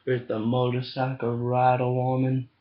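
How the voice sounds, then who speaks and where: A man's voice: medium pitch, monotone, unhurried. Guy cussing a lot on a lo-fi webcam, rambly casual chat. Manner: crude, profane, rambling. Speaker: webcam chatter. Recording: dull lo-fi webcam audio.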